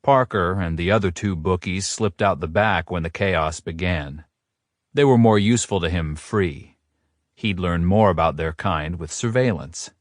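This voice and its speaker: A man narrating a romance audiobook in a steady, first-person storytelling manner. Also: sits low, a little slow, no echo, clean studio sound.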